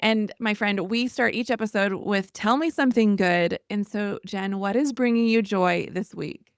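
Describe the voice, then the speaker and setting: Gravelly-voiced enthusiastic woman podcast host. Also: mid-range voice, moderate pace, no room sound, clean studio sound. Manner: warm, enthusiastic and chatty. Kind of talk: faith-based podcast interview.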